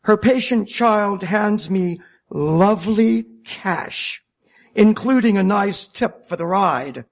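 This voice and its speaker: A man narrating a wry first-person story about driving a taxi, deliberate and self-mocking. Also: high-pitched, expressive, creaky.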